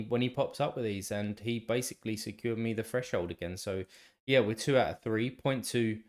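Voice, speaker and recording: A man with a congested, nasal voice, slightly tired and a little low, hosts a laid-back live stream. He rambles through casual chat, restarts his sentences, and answers viewers by name.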